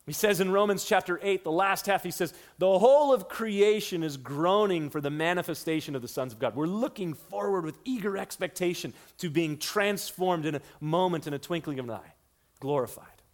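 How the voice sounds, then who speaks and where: Male pastor, slightly higher voice, earnest teaching sermon, repeats lines for emphasis. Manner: earnest teaching, shifts between slow emphasis and quick runs. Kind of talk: expository sermon.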